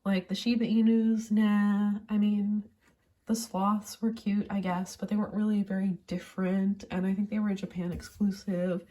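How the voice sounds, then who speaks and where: A woman talking casually and rambling about her toy collection with many fillers, sounding a little sick and pausing to cough. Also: medium pitch, little pitch movement, dark tone. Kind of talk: casual chat.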